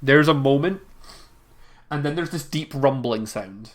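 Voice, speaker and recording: A woman's voice: a bass voice, unhurried. A woman narrating a tabletop game as game master, casual and hesitant with frequent fillers.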